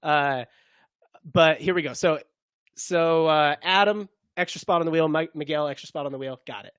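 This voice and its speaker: Man, podcast co-host, casual sports chat, jokey, rambling, fairly high pitch, dry sound. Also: normal speed, a bit bright, clear, resonant tone, dry recording. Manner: jokey, rambling, slips into mock accents.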